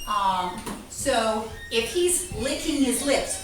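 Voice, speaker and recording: High woman vet, lively with kids; distant mic, echoey room. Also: slow pace, over music. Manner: animated, playful, asks children questions. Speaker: veterinarian giving a school talk. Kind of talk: lively classroom talk to children. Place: classroom. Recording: echoey room from far off, faint noise.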